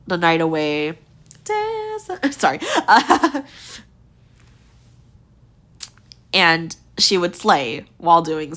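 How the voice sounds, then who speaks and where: Rating outfits in relaxed commentary, a young gaming creator rambles with many fillers. Her voice is fairly low and a bit bright, and it sounds slightly strained and tired.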